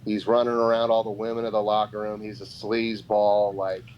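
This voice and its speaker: A man's voice: lowish voice, fairly quick. Man telling a story on a lo-fi podcast. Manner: animated, acts out quoted voices. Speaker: podcast guest, pro wrestler. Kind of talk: casual storytelling. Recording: dull lo-fi podcast audio with faint noise.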